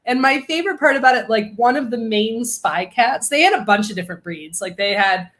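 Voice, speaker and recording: Animated woman chatting on a podcast. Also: fairly high pitch. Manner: animated, quick bursts of enthusiasm. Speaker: podcast co-host. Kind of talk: casual chat.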